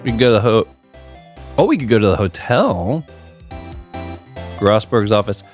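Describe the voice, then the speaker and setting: A man's voice: lowish voice, very animated, moderate pace, faint music behind. A man hosting a let's play, casually thinking aloud with ums as he plays. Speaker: gaming channel host.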